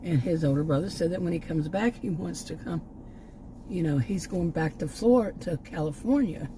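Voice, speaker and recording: Slightly breathless, an older woman from Texas, United States, chats in a rambling personal vlog full of restarts and side comments. She speaks on the low side at a moderate pace against a noisy background.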